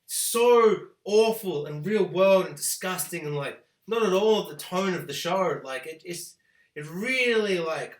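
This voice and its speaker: A man hosting a spoiler review of a TV show, ranting with animated, profane exaggeration. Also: high-pitched. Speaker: TV review host. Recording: echoey room.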